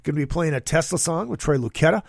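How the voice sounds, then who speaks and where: A man's voice: fairly high pitch, quick pace, gravelly, no echo, studio quality. A man hosting his own podcast, talking casually in an upbeat, rambling way with plenty of fillers. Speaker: podcast host. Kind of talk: casual solo podcast monologue.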